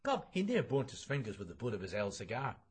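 A man's voice: mid-range voice, very animated, quick pace, slightly rough. A man reading a novel aloud in a wry, conversational storytelling way. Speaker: reader.

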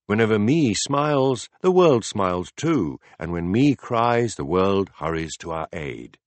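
Man playing a patient male philosopher, low voice, measured and deliberate, audiobook dialogue, dry close recording. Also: expressive, no echo. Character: calm, patient male teacher explaining ideas.

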